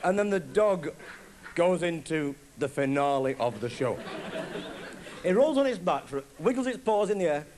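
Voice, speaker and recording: High-voiced comedian on stage. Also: male voice, big pitch swings, normal speed, crowd noise. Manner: rambling, acts out both sides of awkward chats. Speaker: stand-up comedian. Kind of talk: live stand-up storytelling. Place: theatre stage before a live audience. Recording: live concert recording, audience noise.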